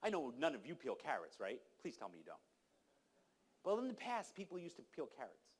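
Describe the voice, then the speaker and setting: Man speaker, fairly high voice, preaching-style urgency at a conference lectern. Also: sing-song, brisk, husky. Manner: urgent, exhorting, storytelling with direct questions to the audience. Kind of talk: impassioned conference talk. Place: conference hall.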